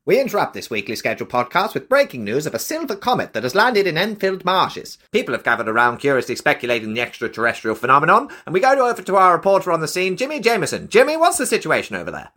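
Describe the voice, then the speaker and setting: A man's voice: on the high side, huge pitch swings, quick pace, few pauses, pushed and bright, exaggerated voice. A man putting on the voice of a formal TV news anchor in a comic mock broadcast, with dramatic announcer delivery. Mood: urgent.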